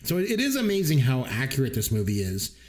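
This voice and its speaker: A middle-aged man talks casually about a movie with a very lively voice. He animates his stories and slips into other people's voices when quoting them. His pitch sits in a middle range. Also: fast. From Canada. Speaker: podcast co-host. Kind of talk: casual movie-review chat.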